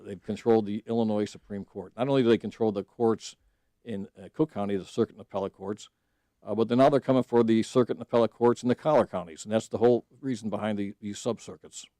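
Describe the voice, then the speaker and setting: A man's voice: on the low side, steady tone, quick pace, dark tone, no echo. Earnest middle-aged man, judicial candidate on radio. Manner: earnest storytelling, frequent restarts and fillers. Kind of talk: casual radio interview. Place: radio studio.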